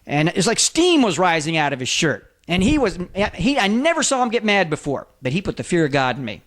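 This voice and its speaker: A man in his fifties tells a personal story to draw a lesson from it. His voice sits a little high for a man, and he talks in a folksy way, stopping often on "uh" as he goes. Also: very animated, a bit bright. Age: 50s. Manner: halting, many "uh" fillers, folksy. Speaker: author and motivational speaker.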